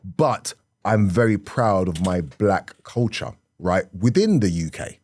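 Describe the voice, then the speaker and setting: A middle-aged man with a South London accent, a comedian telling stories on a podcast in a lively, laughing way that keeps slipping into acted voices. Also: low voice, slow pace. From South London, England. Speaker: comedian guest. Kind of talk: animated podcast storytelling.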